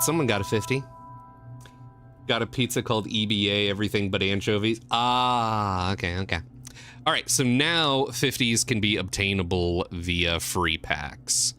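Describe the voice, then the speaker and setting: A man chatting casually on a live stream, excitable, swinging from mumbles to squeals. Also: lowish voice, normal speed, soft background music.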